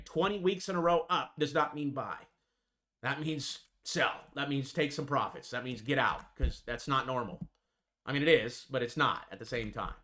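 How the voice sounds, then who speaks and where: A man's voice: medium pitch, pushed and bright. A man hosting a trading channel, giving emphatic, repetitive market commentary over charts and tagging his lines with "okay" and "folks".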